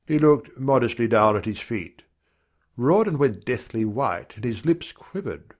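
A man reading a first-person story aloud in a measured, wry storytelling manner. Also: lowish voice. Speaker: narrator.

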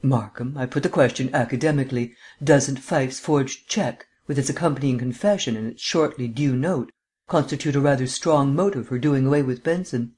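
A man's voice: mid-range voice, normal speed, a little mellow, close to an everyday voice. A man reading aloud as a languid, erudite male amateur detective with a drawling, mannered, lecturing manner. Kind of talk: audiobook character reading.

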